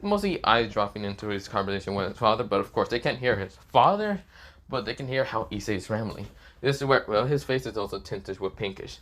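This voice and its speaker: A man's voice: on the low side, lively intonation, fairly quick, a bit bright. A man narrates an improvised fan story off the cuff. He rambles, leans on fillers and restarts, and drops casual swears along the way.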